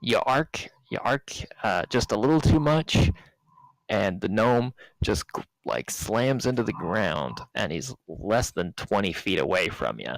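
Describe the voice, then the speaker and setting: A man narrating as game master in a relaxed, halting way full of fillers. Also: fairly low pitch, creaky, no echo, poor audio.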